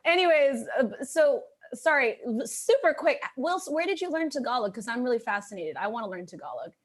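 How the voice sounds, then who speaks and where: A woman co-hosting a livestream chat, excitable and quick to laugh. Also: sits high. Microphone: video call.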